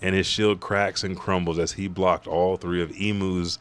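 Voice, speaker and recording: A man with a low, deep voice talks through a comic chapter panel by panel. His delivery is casual and energetic, full of swearing and sound effects. He sounds like a relaxed fan-channel host. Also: moderate pace, clean tone. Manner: loose, profane, energetic play-by-play. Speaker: YouTube manga recap host. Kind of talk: casual chapter recap narration.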